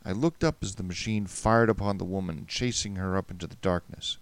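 A man narrating a first-person story in a wry, measured way. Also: deep voice, no echo.

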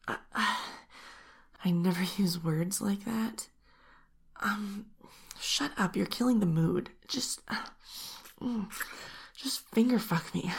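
Whispered role-play, woman playing a bold flirty temptress, very slow drawl, husky breathy tone. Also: mid-range voice, exaggerated voice. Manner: teasing, playful, sneaky whispering with soft giggles.

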